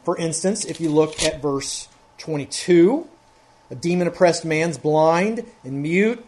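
A man's voice: a little high, measured pace, darkish tone, slight background noise. A man preaching an expository sermon as pastor, working methodically through a Bible passage verse by verse and growing more emphatic as he goes.

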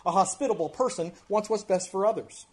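A pastor preaching an earnest expository sermon, with emphatic rises and drops in loudness and casual asides. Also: male voice, high voice, fairly quick. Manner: conversational asides.

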